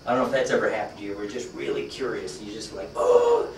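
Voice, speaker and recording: A man's voice: lowish voice, fairly even intonation, rapid-fire, gravelly, roomy sound, recorded from a distance, slight background noise, rough recording. A man teaching a workshop class, telling a story in a conversational, folksy way with lots of fillers. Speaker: workshop trainer.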